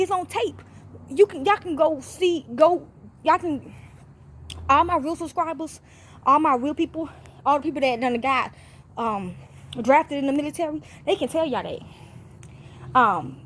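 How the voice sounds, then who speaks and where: High-voiced woman telling a rambling profane story. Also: a little hiss or hum. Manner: profane, repetitive, often checks in with 'okay?'. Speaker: channel host. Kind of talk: rambling casual monologue to viewers.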